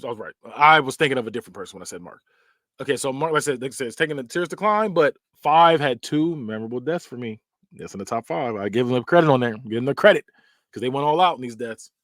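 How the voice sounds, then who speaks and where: A man hosting a podcast, casually recapping film scenes in an animated storytelling way, with vocal sound effects. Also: mid-range voice, no room sound, clean studio sound. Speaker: podcast host.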